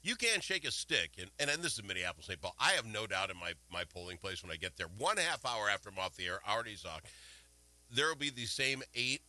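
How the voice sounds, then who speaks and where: A man hosting a casual political talk radio show, animated and indignant, swinging between loud outbursts and quiet asides. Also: fairly low pitch, fast talker, no echo, rough recording. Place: Minnesota.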